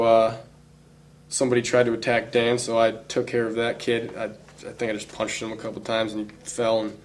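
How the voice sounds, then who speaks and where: A man tells a story in a laid-back way, full of "like"s and cursing. His voice stays at a middle pitch. It hardly rises or falls. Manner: laid-back, profane, hesitant fillers. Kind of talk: casual storytelling.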